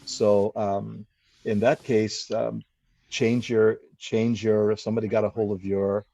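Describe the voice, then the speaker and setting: A man tells a story in an animated way, acting out both sides of a conversation. His voice is gravelly with a slight husk, at a middle pitch. He sounds dry and a little muffled, like lo-fi video call audio. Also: measured pace. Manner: animated storyteller who acts out quoted exchanges. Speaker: host. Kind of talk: casual storytelling chat.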